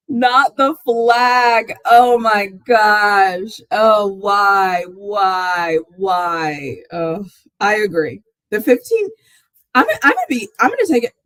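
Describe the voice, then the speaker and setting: A woman with a mid-range voice hosts a casual sports talk livestream, telling a story animatedly and laughing often, with exclamations that rise into squeals. She's a Texas fan, not from Texas, and the recording is rough with no echo.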